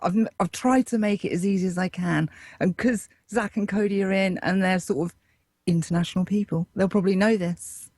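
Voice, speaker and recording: A woman running a casual quiz, brisk and teasing with the players. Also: mid-range voice, fairly even intonation, darkish tone, no echo. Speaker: quiz presenter.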